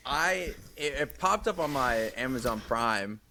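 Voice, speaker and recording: A man's voice: mid-range voice, animated, unhurried, pushed and bright, slight background noise. Easygoing man chatting about movies. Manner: easygoing, hesitant, lots of restarts and fillers. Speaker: podcast co-host. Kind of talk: casual movie podcast chat.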